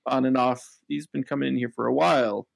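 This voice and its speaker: A man's voice: mid-range voice, fairly even intonation, brisk, vocal fry, dry recording. A man doing a shady turtle bartender. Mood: suspicious. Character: shady male turtle bartender, gruff and suspicious.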